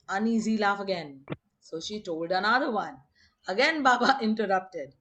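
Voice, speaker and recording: A woman's voice: mid-range voice, animated, normal speed, a bit bright. A woman reading anecdotes aloud on a video call, laughing often and acting out the quotes. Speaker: storyteller on a group video call.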